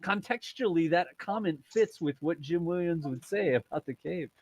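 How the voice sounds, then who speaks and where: A man's voice: a little high, lively intonation, moderate pace, darkish tone, no room sound. A man hosting a casual livestream, reading viewer messages aloud with lots of laughter. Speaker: livestream host.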